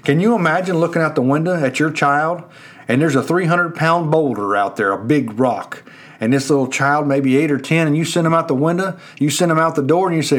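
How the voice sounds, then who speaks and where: A man's voice: on the high side, a little fast. A man preaching a sermon, earnestly questioning his listeners with rising and falling emphasis.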